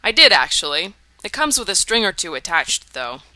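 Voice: mid-range voice, big pitch swings, normal speed, pushed and bright, no echo. A reader voicing an earnest, cryptic teenage boy. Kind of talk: audiobook character voice.

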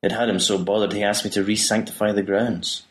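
A man voicing a troubled priest who speaks quietly and subdued. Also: fairly low pitch, level tone, fairly quick, natural voice. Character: troubled middle-aged male priest.

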